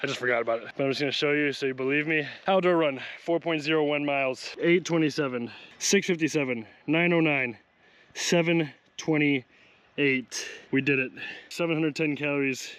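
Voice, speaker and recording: A man's voice: fairly high pitch, moderate pace, a bit bright. Upbeat man vlogging mid-run, out of breath. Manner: upbeat, motivational, chatty. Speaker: fitness vlogger. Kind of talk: casual vlog while running. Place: outdoors on a hilly road.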